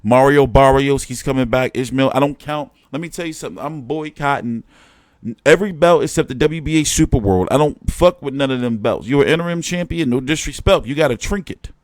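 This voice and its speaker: A man ranting through a casual live stream, exasperated and full of cussing and slang. His voice sits at an ordinary pitch, recorded close and dry with no room sound. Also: brisk, no room sound. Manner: profane, rambling and exasperated; slangy street talk. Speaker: boxing show host.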